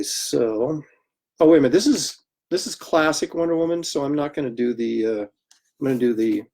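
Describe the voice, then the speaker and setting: A man talking through a relaxed livestream at his drawing table, spinning a lively story and laughing at himself. His voice sits in an ordinary middle pitch, and he drifts a little off the mic now and then as he works. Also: gravelly. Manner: chatty, animated anecdotes with laughter and acted quotes. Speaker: comic artist hosting a livestream. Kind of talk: casual storytelling while drawing.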